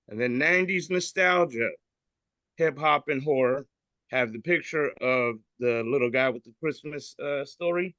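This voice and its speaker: A man's voice: mid-range voice, normal speed, a bit bright, no echo, muffled recording. Joking man hosting a meme podcast. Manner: joking, irreverent. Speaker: podcast host. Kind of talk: casual chat describing memes. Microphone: video call.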